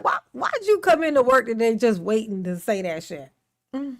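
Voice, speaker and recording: A woman's voice: on the high side, measured pace, pauses often. A woman hosting a casual livestream. She greets viewers by name, laughs often and rants animatedly. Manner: animated ranting. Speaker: livestream host.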